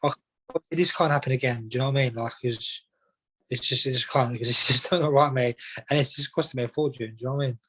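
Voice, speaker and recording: Young man, quick-fire podcast guest, peppers every line with "mate". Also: mid-range voice, fairly even intonation, fairly bright tone, slightly rough, rough recording. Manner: rapid, says "mate" and "do you know what I mean" constantly. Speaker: professional boxer guest. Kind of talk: casual podcast chat.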